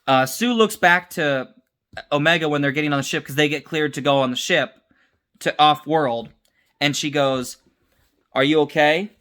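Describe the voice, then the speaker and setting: Young man, tired, slightly high voice, casual unscripted review, rambling, restarts. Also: normal speed, sharp tone, clean tone. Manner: rambling, with restarts and mixed-up names. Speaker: TV episode reviewer.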